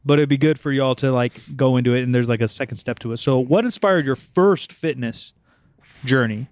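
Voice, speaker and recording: A man's voice: mid-range voice, a little fast, no room sound. A young man hosting a podcast in casual banter, teasing and swearing. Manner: teasing, profane, joking. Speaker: podcast host.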